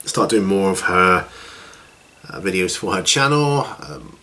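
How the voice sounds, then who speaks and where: Middle-aged man, lowish voice, casual rambling vlog host. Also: measured pace. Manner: rambling, relaxed, with many fillers and restarts. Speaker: hobby channel host. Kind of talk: casual chat.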